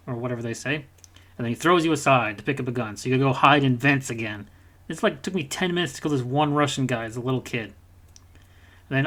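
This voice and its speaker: A man co-hosting a casual gaming podcast, rambling and swearing, dropping into quick mocking character voices. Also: medium pitch, a bit bright. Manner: rambling, profane, mimics characters in quick asides. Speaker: podcast co-host.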